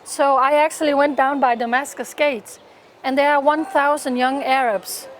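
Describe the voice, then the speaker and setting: In an interview, a woman from Denmark, a pro-Israel activist, gives earnest, fervent personal testimony, frequently restarting and repeating words. Her voice sits high, and there's a little hiss or hum on the recording.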